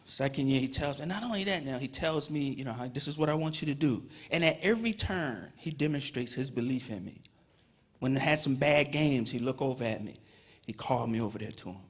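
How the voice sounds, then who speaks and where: Lively in intonation and fairly quick, this mid-range male voice has a breathy edge. The Petersburg, Virginia native tells stories to an audience in a ceremony hall during his Hall of Fame induction speech, repeatedly saying "you know".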